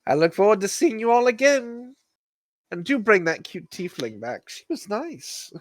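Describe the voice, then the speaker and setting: A man's voice: sits high, sing-song, moderate pace, no echo, pitched above the performer's own voice. A man voicing a flirtatious woman shopkeeper with a teasing, coy manner.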